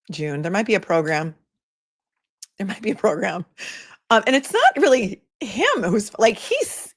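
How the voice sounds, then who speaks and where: A woman, an attorney, hosting a casual livestream, chatting and laughing often as she reads viewer comments aloud. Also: mid-range voice.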